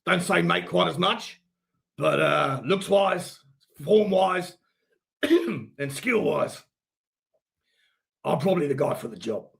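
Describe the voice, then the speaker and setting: A man doing a comic impression of a gruff middle-aged male football manager, deep and gravelly, slow and self-assured with halting fillers. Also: animated, a bit bright, full character voice.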